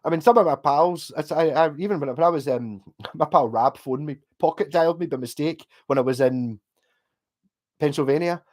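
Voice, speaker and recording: A Scottish man talking casually on a livestream, his voice sitting a touch high. He rambles along, restarting sentences and swearing now and then. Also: moderate pace, darkish tone. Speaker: livestream host.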